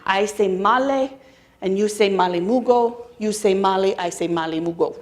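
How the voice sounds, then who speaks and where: A man's voice: high voice, normal speed, close to an everyday voice. A woman voicing a tall, imposing African man who talks firmly in short, clipped phrases. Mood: insistent. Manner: firm, clipped broken phrasing.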